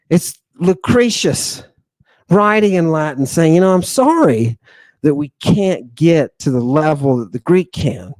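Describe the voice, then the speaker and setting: Darkish in tone and recorded dry, this podcast host lectures a live audience on ancient texts with constant "right?" and "do you understand." His delivery is emphatic and animated, with drawn-out stresses that move between low murmurs and raised exclamations.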